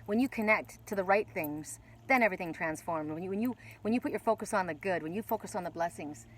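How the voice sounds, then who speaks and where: A woman giving an oracle card reading outdoors by the water, talking excitedly and breaking into gasps and exclamations. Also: on the low side, fast talker.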